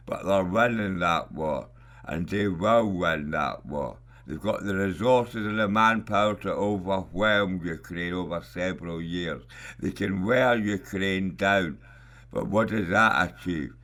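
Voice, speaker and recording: Slow, bright-voiced indignant man. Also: sits low. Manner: slow, emphatic and indignant, with rhetorical questions. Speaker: radio show host. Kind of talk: opinionated radio monologue.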